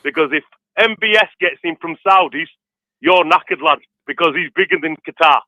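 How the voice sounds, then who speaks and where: A man in his fifties with a Yorkshire accent, calling in to rant passionately, tacking "kid" onto nearly every pause. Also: on the high side, sharp tone, no room sound. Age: 50s. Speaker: caller. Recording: tinny phone line.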